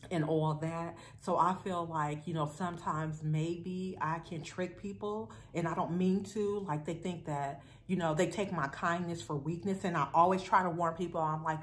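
A woman's voice: fairly low pitch, steady tone, moderate pace. A woman, chatting bluntly and straightforwardly to her viewers while eating, a mukbang vlogger. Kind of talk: casual chat while eating.

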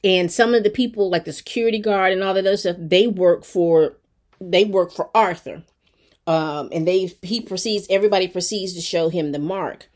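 A woman reviewer casually recapping a TV episode, talking straight to her viewers with expressive, colloquial storytelling and plenty of fillers. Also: fairly low pitch, moderate pace. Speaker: TV show reviewer.

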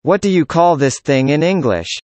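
Speaker doing practice conversation lines, plain even delivery, dry close sound. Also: mid-range voice, normal speed, dry recording. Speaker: dialogue reader.

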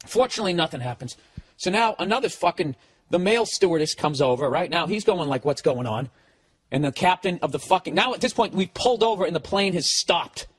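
Brief: comedian in a mocking, cursing rant, fairly high voice, lively delivery. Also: male voice, quick pace, breathy edge. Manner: animated, swearing constantly, mocking. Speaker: comedian and podcast host. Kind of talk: profane comic storytelling rant.

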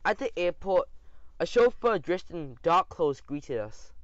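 A man reading an audiobook in an animated, expressive way. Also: sits high, a little slow, no room sound. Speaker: audiobook narrator. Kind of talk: scripted audiobook narration. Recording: dull dry audio.

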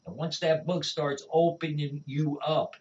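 A man speaking as an evangelist, telling stories of his faith in an animated, conversational way and often checking in with "all right?". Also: on the high side, unhurried. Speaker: evangelist guest. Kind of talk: conversational testimony. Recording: dull distant lo-fi sound.

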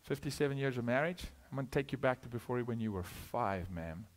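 A middle-aged man preaching a sermon, moving from loud urgent calls to hushed asides, asking questions and acting out short exchanges. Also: medium pitch, expressive, fairly quick. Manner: asks questions, acts out dialogue. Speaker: guest preacher.

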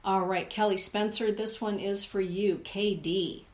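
A woman's voice: medium pitch, fairly even intonation, unhurried, echoey room. A woman hosting a live stream, reading oracle cards and reflecting aloud as she addresses her chat viewers by name. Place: indoor room with a forest view.

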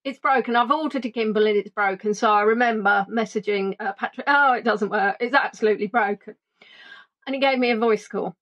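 A woman tour guide chatting through a playful, animated reminiscing monologue. She jumps between voices to act out what people said. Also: on the high side, fairly quick, dull audio. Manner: animated, playful, acts out quotes in funny voices.

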